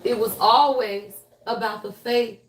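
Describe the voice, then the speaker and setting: Faint music plays behind a fairly high, steady female voice moving a little slowly. She is a spiritual reader and life coach in her fifties giving her viewers a reading, emphatic and preachy in manner, profane, and prone to repeating phrases for the audience.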